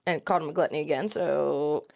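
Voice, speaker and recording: Co-host, woman, casual and chatty, quick to react out loud. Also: sits low, fairly even intonation, vocal fry. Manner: chatty, exclamatory. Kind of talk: casual chat.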